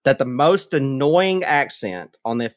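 A man hosting a podcast in casual chat, animated and jokey with mock-dramatic flair. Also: mid-range voice, a little slow, dry recording, clean studio sound. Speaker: podcast host.

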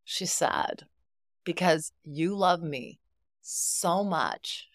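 A middle-aged woman, a therapist appearing as a podcast guest, tells stories expressively and acts out the dialogue she quotes. Her voice sits fairly low and moves very slowly. The studio-quality recording has no echo.

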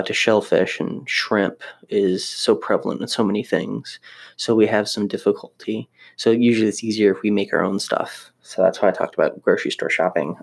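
A young man talks casually in a vlog, rambling and poking fun at himself. His voice sits a little low, and he often stops and restarts his sentences. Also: gravelly. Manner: rambling, self-deprecating, many restarts. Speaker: vlogger living in Japan. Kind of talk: casual chat to camera.

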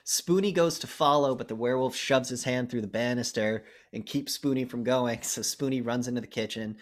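A young man tells a movie's plot in loose, cursing, excited chat. His voice sits at an ordinary middle pitch, and he acts out bits of dialogue with plenty of energy. He sounds like a podcast co-host mid-rant. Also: a little fast. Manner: profane, animated retelling with acted-out lines. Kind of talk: casual chat recapping a movie.

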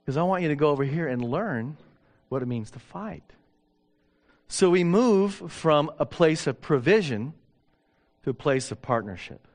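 A man's voice: a little high, sing-song, normal speed. A middle-aged man, a pastor, telling stories in a sermon, acting out dialogue with self-deprecating humor. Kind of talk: sermon storytelling.

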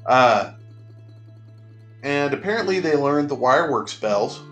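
A man's voice: mid-range voice, lively intonation, measured pace. A man with a mid-range voice recaps a film in a loose, comedic way and keeps dropping sarcastic asides. Faint guitar music sits underneath his talk. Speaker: podcast host recapping a movie.

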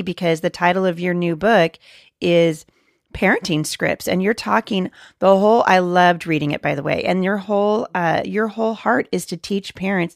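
A woman's voice: on the low side, gravelly, no echo, studio quality. A woman hosting a faith-based parenting podcast, chatting in an earnest, encouraging way with fillers and restarts. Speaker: podcast host. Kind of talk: casual chat.

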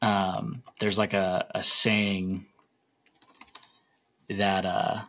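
A man's voice: deep voice, level tone, very slow, a bit bright. A young man hosting a solo podcast, telling stories in an earnest, rambling way. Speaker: podcast host.

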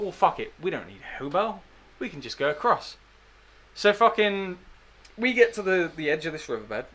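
A young man tells a story at a casual chat. His voice sits a little high and sounds bright and forceful. He swears freely, stays animated and makes fun of himself. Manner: sweary, animated, self-mocking. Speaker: podcast guest storyteller.

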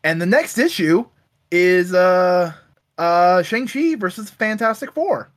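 A man's voice: high voice, takes it slowly. Guy on a comics podcast going over an issue, voice jumps all over, does little character voices. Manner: animated, acts out characters' lines with filler "uh". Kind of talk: casual recap of a comic issue.

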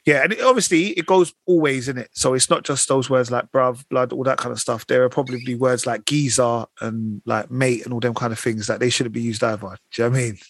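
A man in casual podcast chat, animated and acting out voices in his stories. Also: medium pitch, fairly quick, hardly any pauses, dry recording. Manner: animated, acts out voices in anecdotes.

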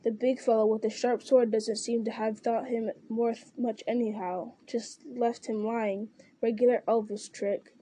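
A woman's voice: a little high, level tone, unhurried, hardly any pauses, mellow, breathy edge, no room sound. A woman voicing a mocking, suspicious male orc captain who sneers and jeers at his rival in an audiobook reading. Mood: sneering.

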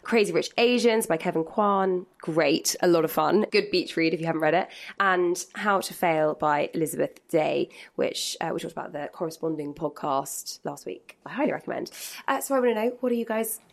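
A woman hosts a casual podcast chat in a slightly low voice. She steers the conversation and links topics briskly. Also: vocal fry. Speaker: podcast host.

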